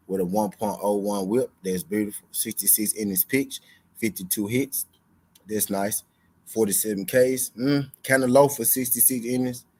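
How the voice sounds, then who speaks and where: A man's voice: fairly low pitch, poor audio. A young man hosting a sports betting stream in loose, slangy casual chat, repeating his lines for emphasis. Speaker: sports betting show host.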